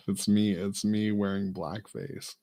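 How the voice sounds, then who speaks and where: A man talking through a rambling comic monologue. He is self-amused and halting, with lots of fillers and restarts. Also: fairly low pitch, darkish tone. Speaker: vlogger.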